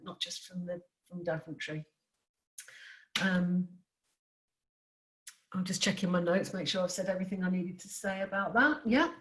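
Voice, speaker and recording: A woman from the council giving a presentation to parents, hesitant with many pauses and restarts. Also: medium pitch, low-quality recording. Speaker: council adviser on special needs education.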